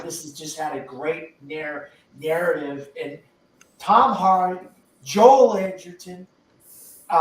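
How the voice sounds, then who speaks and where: An older man casually and enthusiastically telling a long rambling story about a movie on a panel. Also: high-pitched. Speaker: podcast panelist. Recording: echoey, distant from the mic.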